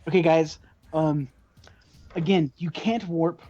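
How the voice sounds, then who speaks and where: Higher-voiced man running a tabletop game. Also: fairly even intonation, slow pace, dark tone. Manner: loose, hesitant narration with many fillers. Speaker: game master. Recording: dull lo-fi recording.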